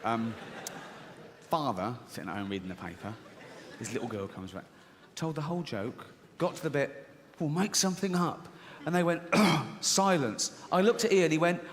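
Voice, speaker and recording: A male stand-up comedian telling a story in a relaxed, conversational way. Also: mid-range voice, moderate pace. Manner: conversational, storytelling, self-amused. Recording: live venue with long reverb, faint ambience.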